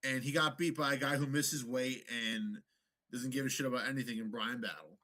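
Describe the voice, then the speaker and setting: A man co-hosting a podcast, chatting about fights in an animated, profane way and slipping into mock voices. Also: mid-range voice, a little fast. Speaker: podcast co-host. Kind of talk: casual sports banter.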